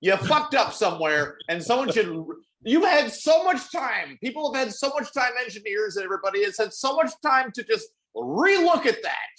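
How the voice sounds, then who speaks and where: A man's voice: very high-pitched, sing-song, normal speed, a bit bright. A man co-hosting a podcast, ranting animatedly in casual chat, full of profanity and mock voices. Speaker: podcast co-host.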